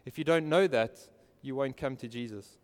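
A man's voice: mid-range voice, normal speed, big-room sound. A man preaching a sermon earnestly, asking his listeners direct questions. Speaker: pastor.

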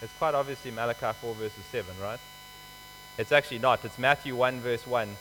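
A man's voice: medium pitch, a little fast, sharp tone. A man preaching a sermon, explaining scripture in a conversational, emphatic way. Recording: hall reverb with faint mains hum.

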